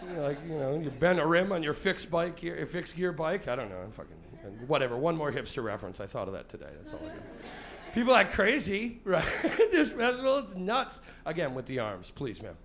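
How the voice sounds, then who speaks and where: A stand-up comedian in his forties works a club stage, sweating as he delivers a profane set and needles the crowd. His voice sits fairly high, swings widely in pitch, and moves at a brisk clip.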